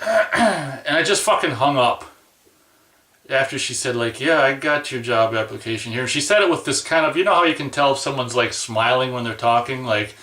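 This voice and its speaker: A man's voice: mid-range voice, lively intonation, moderate pace, pushed and bright, reverberant, recorded from a distance. A man venting in a rambling, profane, exasperated rant about his day. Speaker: vlogger. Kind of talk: angry personal rant.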